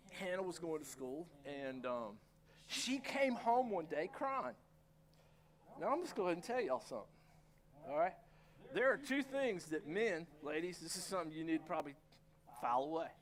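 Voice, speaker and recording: A middle-aged pastor preaches in a church, his voice sitting high for a man. He tells stories with lively energy and acts out his own reactions. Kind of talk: sermon. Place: church sanctuary.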